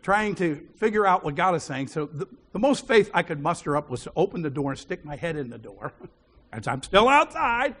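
A husky male preacher tells a personal story from the pulpit, chuckling often as he goes. His voice sits a little high and swings widely up and down, giving the telling a lively feel. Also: normal speed. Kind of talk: sermon storytelling.

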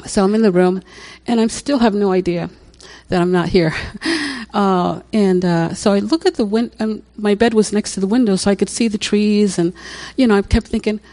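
An older woman with a warm, mid-range voice tells a personal story at a moderate pace. It's a casual testimony, and she's chatty, often laughing and saying things more than once.

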